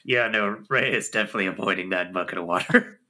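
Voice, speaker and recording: A man playing a tabletop game, teasing and sarcastic with a fast delivery. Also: lowish voice, pushed and bright. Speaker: player. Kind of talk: casual tabletop role-play.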